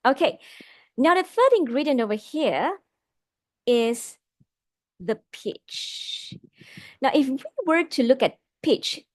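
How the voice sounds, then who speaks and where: A woman's voice: a little high, dry recording, studio quality. A woman trainer with a Malaysian English accent teaching an online class on vocal delivery, calling her audience "my dear friends" and reading out their replies. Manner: varies loudness and slows down for emphasis. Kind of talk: live webinar lesson on vocal delivery.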